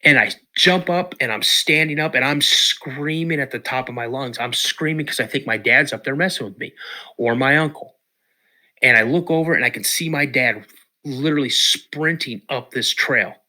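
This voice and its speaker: A man from Washington state, a podcast guest telling a story in an animated way, acting out quotes and repeating words. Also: medium pitch, normal speed. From Washington state, USA.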